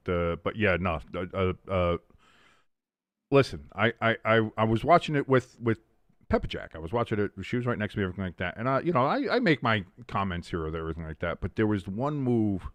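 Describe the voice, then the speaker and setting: Guy hosting a football watch-along stream, lowish voice, bouncy delivery, dry sound, swears a lot. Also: no room sound. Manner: animated play-by-play mixed with profane rants. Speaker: host. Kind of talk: live game watch-along commentary and chat.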